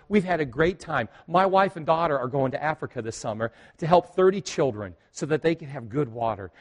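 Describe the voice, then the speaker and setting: A middle-aged man preaching with a lively, animated voice that climbs and falls as he tells a story. He acts out the other people in it, and his voice sits a little high for a man. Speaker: pastor. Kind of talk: sermon with personal story.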